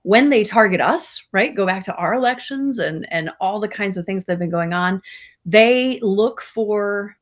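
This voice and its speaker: An earnest woman co-hosting a casual discussion show, with a voice of middling pitch. She talks in an emphatic way and repeats words to drive her points home. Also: measured pace. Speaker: podcast co-host.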